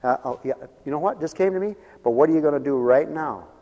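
A man's voice: a little high, animated, fast talker. Man pastor, sermon style, emphatic preacher, dull lo-fi sound. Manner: preachy, rising to loud emphatic calls. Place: church. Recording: muffled church recording with long reverb. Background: radio ministry broadcast of a church service.

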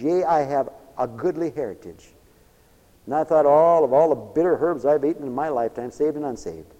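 Male preacher, fairly high voice, dramatic loud-soft swings, church sermon with long reverb. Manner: swings from low murmurs to loud emphatic bursts. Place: church, also broadcast on radio.

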